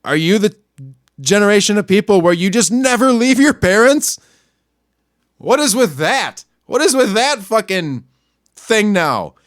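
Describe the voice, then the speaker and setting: A man hosting a podcast, delivering a crude, angry rant that swings between low muttering and yelling. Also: big pitch swings, measured pace, dry recording, clean studio sound. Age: adult, not much older than a young store clerk. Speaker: podcast host. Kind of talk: profane ranting monologue.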